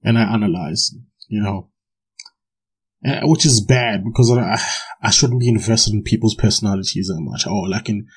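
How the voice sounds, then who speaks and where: Young man, low husky voice, rambling solo podcast rant with lots of cursing. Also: moderate pace, poor audio. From South Africa. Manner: swearing, laughing, rambling with many restarts. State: drinking gin while talking. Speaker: podcast host.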